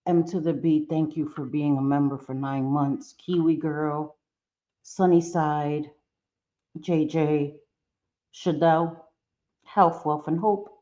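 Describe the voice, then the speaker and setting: Woman streamer, low mellow voice, chatty and apologetic, dull lo-fi mic. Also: steady tone. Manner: warm greetings, apologetic, halting with fillers. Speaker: live-stream host. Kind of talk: casual live-stream chat.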